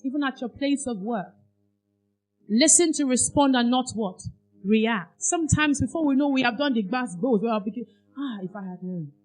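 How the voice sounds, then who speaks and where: A woman giving a parenting workshop talk in a conference hall, asking the audience questions for them to finish aloud. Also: fairly high pitch. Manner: quizzes audience with fill-in questions. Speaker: workshop speaker.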